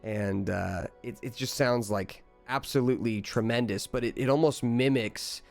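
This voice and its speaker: Relaxed man narrating a tabletop game. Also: mid-range voice, vocal fry, soft background music. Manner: relaxed, halting, many fillers. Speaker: game master.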